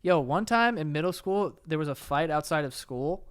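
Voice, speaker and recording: Young male podcast co-host, somewhat higher voice, loose and profane. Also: expressive, moderate pace, a bit bright, clean tone. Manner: rambling, filler-heavy, swearing. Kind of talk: casual chat.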